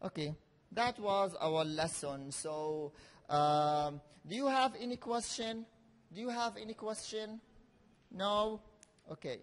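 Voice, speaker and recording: A male teacher giving a classroom grammar lesson, speaking slowly and repeating key words for his learners. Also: high voice. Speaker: English teacher. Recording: reverberant classroom hall.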